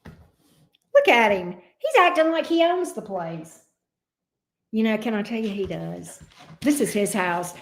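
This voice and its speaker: A woman's voice: medium pitch, very animated, slow, vocal fry, long pauses. A woman hosting a casual livestream. She greets viewers by name and coos affectionately over her dog. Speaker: tarot reader hosting a livestream. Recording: roomy echo.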